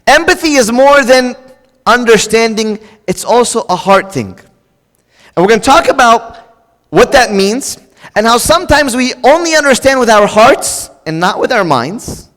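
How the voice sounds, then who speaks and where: Man, middle-aged, pastor, sermon, high-pitched, animated, acts out quoted spouses, reverberant church hall. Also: moderate pace.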